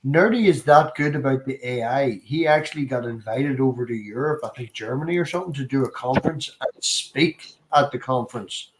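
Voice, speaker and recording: A man hosting a casual online chat, excitable and quick to tease. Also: mid-range voice, reverberant, noisy background. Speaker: host.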